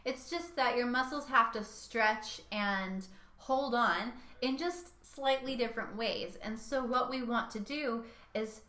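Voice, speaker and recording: A young woman teaching a singing lesson, lively and hands-on, trying out each sound with her own voice. Her tone is bright and ringing, pitched a little high. The room around her is echoey. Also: measured pace. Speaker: vocal coach.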